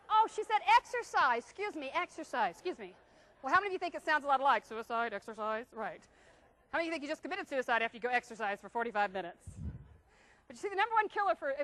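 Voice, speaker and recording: A middle-aged woman giving a lively seminar talk on stress to a live audience, asking the room questions and acting out family scenes. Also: high-pitched. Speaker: stress management speaker.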